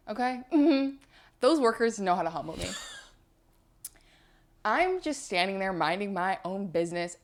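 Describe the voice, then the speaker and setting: A young woman co-hosting a podcast, chatting casually and telling stories with acted-out quotes. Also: medium pitch. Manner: chatty storyteller, acts out quotes. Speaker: podcast co-host. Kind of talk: casual chat.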